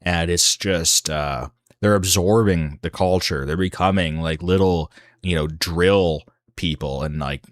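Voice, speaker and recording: A man's voice: sits low, measured pace, dry recording. A man hosting a livestream, talking in a casual, rambling monologue full of fillers and restarts. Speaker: livestream host.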